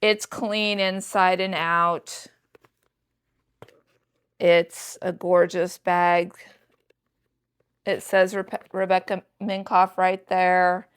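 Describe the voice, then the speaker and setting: Slow, smooth-voiced woman in her sixties. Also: fairly low pitch, little pitch movement. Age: 60s. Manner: chatty, enthusiastic show-and-tell to viewers. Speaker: thrift reseller vlogger. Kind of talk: casual haul vlog.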